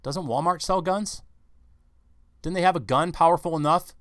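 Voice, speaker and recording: A man with a fairly high voice delivers edgy, conspiratorial news commentary. He rambles and keeps firing rhetorical questions. The sound is close and dry. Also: normal speed, fairly bright tone, no echo. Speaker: vlog commentator.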